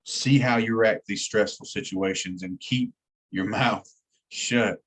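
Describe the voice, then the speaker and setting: A man's voice: on the low side, measured pace. A man teaching an EMT class in a plain-spoken way, repeating key words for emphasis. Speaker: EMT instructor. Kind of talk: classroom lecture.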